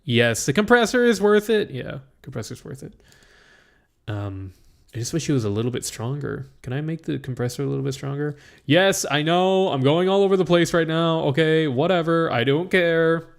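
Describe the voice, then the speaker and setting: Talking to himself as he adjusts his audio, this young guy streams live in a loose, rambling way. He sounds a little high and creaky yet expressive, speaking at normal speed into a compressed studio microphone.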